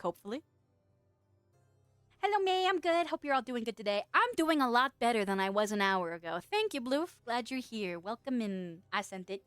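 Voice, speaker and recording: Her voice is high, fairly bright and clean, with no echo, as this young woman reads viewer messages during a casual livestream. She laughs a lot, playful and giggly, while faint music plays behind her.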